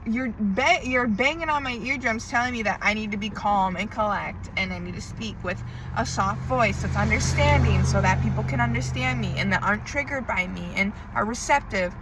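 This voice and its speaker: A woman's voice: mid-range voice, normal speed, background noise. A woman tarot reader in an emotional diary-style monologue, venting with frequent swearing and emphatic repetition.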